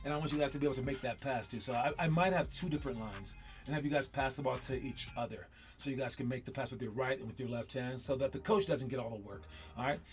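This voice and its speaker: A man coaching basketball players in casual talk, animated and joking, often repeating himself. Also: medium pitch, fast, faint music behind.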